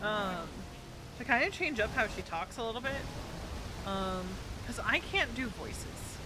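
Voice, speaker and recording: Rambling woman streamer from New Jersey. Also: medium pitch. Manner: rambling, with frequent ums. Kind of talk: casual gaming chat. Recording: game sounds and vehicle noise behind. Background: game ambience and vehicle sounds.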